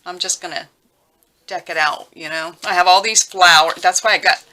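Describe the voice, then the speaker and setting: A woman talking casually while she works on a craft project at home, rambling and thinking out loud with lots of fillers. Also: on the low side, fairly even intonation, moderate pace. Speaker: crafting vlogger. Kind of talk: casual craft tutorial chat. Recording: noisy with clicking sounds.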